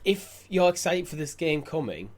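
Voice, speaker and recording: A man's voice: on the high side, sing-song, normal speed, darkish tone. A man co-hosting a casual podcast, rambling and repeating himself as he thinks, recorded over a remote call. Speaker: podcast co-host. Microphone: remote call mic.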